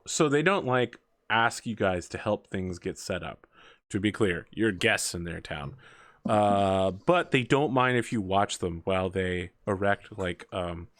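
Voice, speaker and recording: Game master, male, mid pitch, casual filler-laden narration, dry close sound. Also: fairly bright tone, no room sound. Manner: loose, filler-heavy narration.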